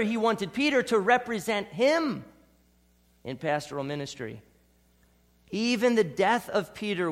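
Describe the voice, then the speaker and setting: A man preaching a sermon as pastor, dropping to soft, hushed lines and rising to bold, emphatic ones. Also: high-pitched. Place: church.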